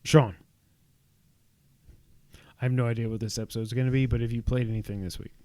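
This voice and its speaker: A man's voice: medium pitch, steady tone, a little fast, mellow, dry recording. A man co-hosting a casual gaming podcast, bantering in a jokey, giggly way. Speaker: podcast co-host.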